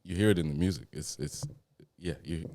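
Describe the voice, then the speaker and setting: A man co-hosting a podcast, retelling a story in a relaxed, easygoing way. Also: low voice, brisk, no room sound, clean studio sound. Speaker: podcast co-host. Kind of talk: casual group chat.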